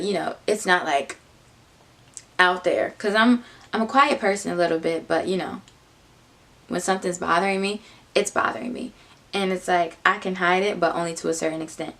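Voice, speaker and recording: A young woman telling a casual personal story, animated, dropping into low muttered asides. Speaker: vlogger.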